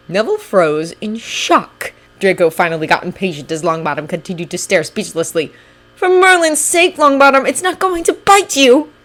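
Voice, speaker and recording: A woman narrating a fan-made audiobook at a mid pitch for a woman. She tells the story in a steady, even way. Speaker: fanfiction reader.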